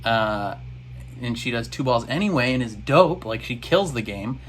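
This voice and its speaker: A man's voice: medium pitch, animated, normal speed, a bit bright. A man in a casual reaction video, recapping an episode in a rambling, exasperated way.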